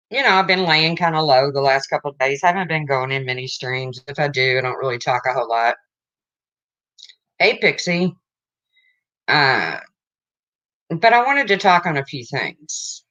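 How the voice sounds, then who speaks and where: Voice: mid-range voice, fairly bright tone, muffled recording. Emotional livestream host chatting with viewers. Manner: rambling, greets chat viewers mid-sentence. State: emotional, near tears. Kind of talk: casual livestream chat.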